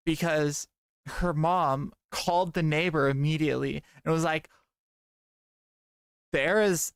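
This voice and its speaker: A woman's voice: sits low, clear, resonant tone, no echo, studio quality. A young woman streamer chatting casually and rambling as she reads her chat aloud.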